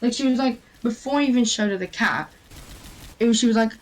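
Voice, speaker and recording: A young woman telling a rambling, excitable story in casual voice chat, full of fillers. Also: fairly high pitch, brisk, poor audio. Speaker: gamer.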